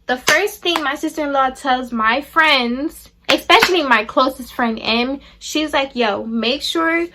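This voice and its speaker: A woman's voice: high-pitched, unhurried, noisy background. A young adult woman telling a personal story to her viewers, blunt and profane, acting out the people she quotes. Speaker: vlogger. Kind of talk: storytime chat to camera.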